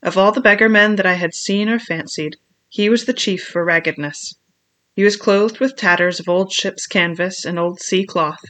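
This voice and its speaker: A reader narrating a classic adventure novel in measured first-person storytelling. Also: medium pitch, bright, forceful tone.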